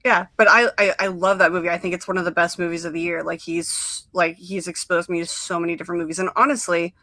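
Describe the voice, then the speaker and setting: A woman's voice: on the low side, fairly even intonation, quick pace, pushed and bright, no room sound. A young adult woman hosting a podcast, chatting casually with lots of fillers and quoted asides. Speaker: podcast host. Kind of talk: casual chat.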